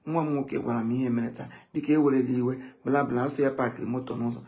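A man telling stories in a casual live chat, animated and often quoting others. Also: mid-range voice, fast talker, creaky. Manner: animated, switching between English and Igbo, quoting others.

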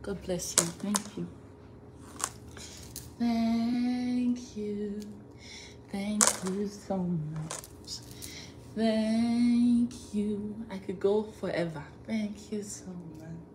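A woman on a live stream, thanking fans over and over, laughing often and drawing out slow thank-yous. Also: mid-range voice, background noise. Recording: echoey room with faint ambience.

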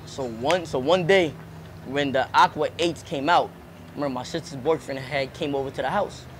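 A young man telling a childhood story in a casual interview, animated and profane, repeating words as he goes. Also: mid-range voice, normal speed, a little hiss or hum. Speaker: rapper and comedian, interviewee.

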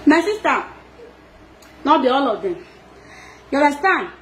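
Nigerian Pidgin woman, high voice, animated gossip vlogger, laughs and scolds often. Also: a little slow, slight background noise. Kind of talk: casual gossip monologue.

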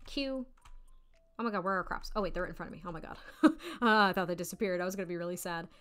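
A woman's voice: lowish voice, rapid-fire, fairly bright tone, clean tone, faint music behind. A bubbly young woman giving let's-play commentary with frequent giggles. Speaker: gaming YouTuber.

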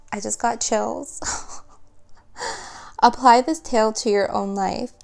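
A woman giving a tarot reading, speaking slowly and gently with a gravelly fry under her voice. She reads passages aloud and reflects on them earnestly, easily moved by what she reads. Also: on the high side, steady tone. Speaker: tarot reader.

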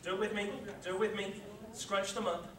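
A sports psychology presenter with a slightly higher voice leads a live workshop in a lecture room, walking the audience through tensing and relaxing and repeating every step. He speaks fairly quickly with little pitch movement, and being far from the mic, he sounds echoey with loud noise underneath.

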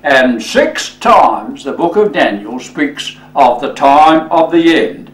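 A male pastor preaching a sermon, slow and emphatic, often addressing listeners as friends. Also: a little high, big pitch swings, echoey room, recorded from a distance, poor audio.

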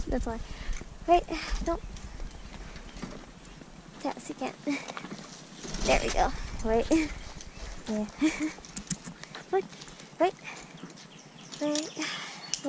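High-voiced woman calling dog commands outdoors. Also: background noise. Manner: calls out short commands like hike, wait and good girl. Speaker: dog owner on a sulky run. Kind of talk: casual commands to a dog while riding. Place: outdoors on a trail.

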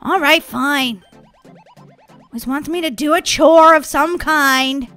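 High bright-voiced woman doing family roleplay, bratty and shouty. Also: faint music behind. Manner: bratty, teasing, quick to shout. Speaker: gaming channel host playing Molly. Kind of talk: family role-play over game footage.

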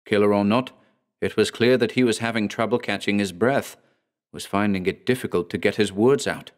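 A man narrating a horror story in a measured, dramatic storytelling manner. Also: lowish voice.

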